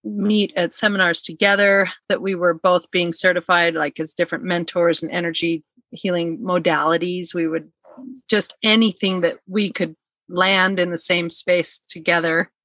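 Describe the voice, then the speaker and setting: A woman's voice: on the low side, steady tone, moderate pace, a bit bright, no echo. A woman telling a personal story in casual chat, earnest and heartfelt, acting out what people said. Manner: earnest, heartfelt, acts out quotes.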